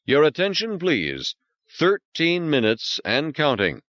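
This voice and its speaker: A man's voice: fairly high pitch, huge pitch swings, slow pace, fairly bright tone, no echo, highs cut off, voice pushed up, heavily acted. A man doing a formal machine countdown announcer. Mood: announcing. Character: automated habitat countdown announcer.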